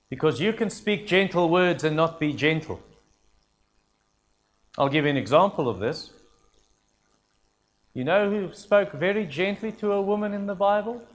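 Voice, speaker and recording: Male preacher, earnest and emphatic, voice on the higher side. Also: expressive, unhurried, pauses often, a little hiss or hum. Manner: earnest, emphatic, repeats key phrases. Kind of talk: sermon.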